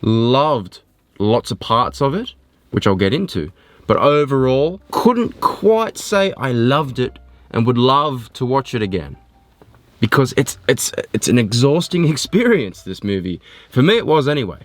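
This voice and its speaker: A man giving a casual spoken film review, animated and rambling, often poking fun at himself. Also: medium pitch, a little slow, no echo. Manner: animated, rambling, self-mocking.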